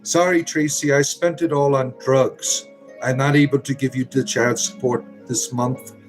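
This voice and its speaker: A man's voice: medium pitch, fairly even intonation, measured pace, soft background music, lightly acted. A man playing a flippant deadbeat dad making excuses about child support, in a mocking tone close to his own voice.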